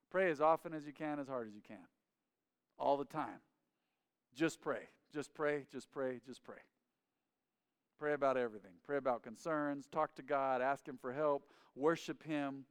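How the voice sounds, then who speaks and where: A man's voice: fairly high pitch, smooth. A man preaching a sermon as a pastor, with emphatic, repetitive phrasing. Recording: long hall reverb.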